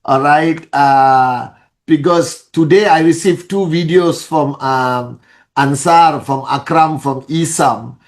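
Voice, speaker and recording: Soft-spoken man hosting a live call. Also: fairly high pitch, slow. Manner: softly spoken; greets viewers by name with many shout-outs. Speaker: leader of a network-marketing live call. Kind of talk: live-stream motivational talk.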